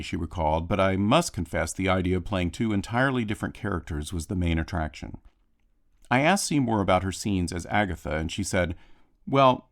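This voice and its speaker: A man with a lowish voice narrates a prepared film commentary. He tells backstage anecdotes at a measured pace and gives the quoted lines a little voice of their own. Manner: measured storytelling, lightly acting out quotes. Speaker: film historian giving audio commentary. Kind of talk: scripted commentary reading.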